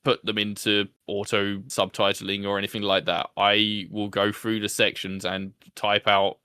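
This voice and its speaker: A man's voice: fairly low pitch, completely flat delivery, moderate pace, bright, forceful tone, smooth. A man, the host of a podcast, chatting casually about his show, self-deprecating and laughing often. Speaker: podcast host being interviewed. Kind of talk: casual chat.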